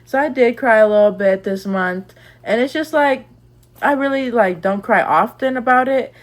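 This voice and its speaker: A woman's voice: fairly high pitch, normal speed. A young woman giving candid, chatty advice in a casual vlog, rambling with lots of "like"s. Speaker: lifestyle vlogger.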